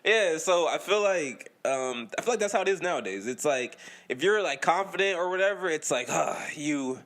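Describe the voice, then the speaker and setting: A young man co-hosting a podcast tells a long story in loose, profane chat. His voice is bright and fairly high, and it swings widely in pitch. He laughs often and keeps checking in with "right?". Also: expressive, a little fast. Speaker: podcast co-host.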